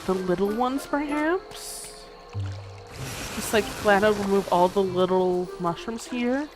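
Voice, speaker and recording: A woman streamer chatting casually while she plays a game, meandering and hesitant, often dropping to a soft murmur as she focuses. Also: mid-range voice. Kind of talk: casual gameplay commentary. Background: game music.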